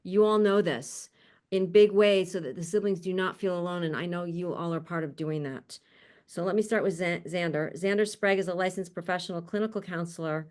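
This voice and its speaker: Lady host on a video call, chatty and friendly, laughs a lot, voice sits a bit low. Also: fairly even intonation, fairly quick, a little mellow. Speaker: panel host. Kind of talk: warm panel introductions.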